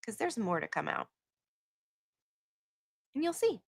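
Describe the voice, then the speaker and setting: A woman hosting a casual livestream, reading out donations and messages with animated asides. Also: fairly high pitch, gravelly, breathy edge, dry recording, clean studio sound. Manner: animated, reads donor names and messages aloud with quick asides. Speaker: livestream host.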